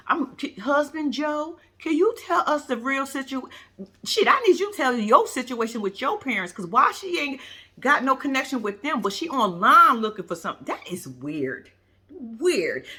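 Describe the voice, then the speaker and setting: A woman's voice: mid-range voice, pushed and bright. A woman giving casual, unscripted commentary as a vlogger, blunt and profane, rambling and cutting herself off as she talks straight to her viewers. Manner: rambling, with self-interruptions. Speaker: vlogger reviewing a reality show.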